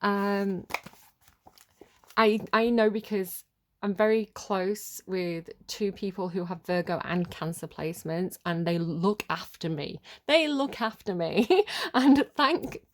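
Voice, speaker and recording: In a medium-pitched voice, a tarot reader chats her way through a relaxed reading, drifting into tangents, getting distracted and apologizing a lot. When she returns to the cards, she reads their text aloud at a slower pace.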